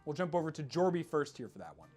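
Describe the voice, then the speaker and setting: Man, casual panel host, lively pitch, laughs a lot, faint music underneath. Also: fast. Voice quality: lively, laughs often, animated pitch swings.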